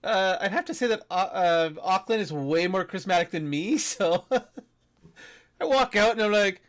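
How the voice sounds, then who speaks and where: A man playing a tabletop game, speaking in a friendly, halting way as his character. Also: high voice, sing-song, fairly bright tone. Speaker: player.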